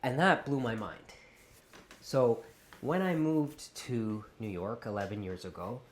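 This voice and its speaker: A man's voice: mid-range voice, measured pace. A Canadian man in his forties, an actor speaking with an American accent, chatting to camera and switching in and out of accent demonstrations. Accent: General American, put on over a Canadian one. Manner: animated, slips in and out of accent demonstrations. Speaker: actor and vlogger. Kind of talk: casual talk to camera.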